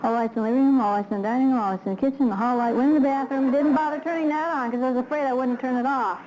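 A woman's voice: high voice, fairly even intonation, rapid-fire, background noise. A middle-aged woman speaking at a recovery workshop, telling self-deprecating stories with humor and laughing at her own anecdotes. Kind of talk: humorous personal storytelling lecture.

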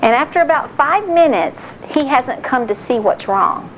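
A middle-aged woman giving a sermon-style talk on marriage, animated and acting out quotes. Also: high-pitched, normal speed, a little hiss or hum, rough recording. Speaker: speaker on marriage.

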